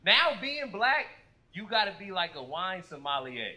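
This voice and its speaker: High-voiced man doing stand-up. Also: moderate pace. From Fresno, California. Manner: animated storytelling with loud acted-out quotes. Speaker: stand-up comedian. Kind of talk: stand-up comedy set. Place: comedy club stage before a live audience.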